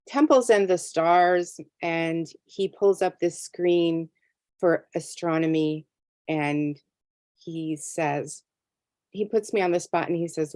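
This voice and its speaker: A woman's voice: lowish voice, a little mellow, no room sound. A middle-aged woman, a tarot artist, telling a story in a casual interview and acting out her own reactions. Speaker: tarot deck artist and guest.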